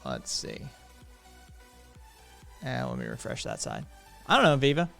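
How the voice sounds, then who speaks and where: A man's voice: medium pitch, huge pitch swings, unhurried, vocal fry, pushed and bright, soft background music. A man hosting a live stream, chatting casually, reading viewer comments aloud, blunt and profane with sarcastic laughs.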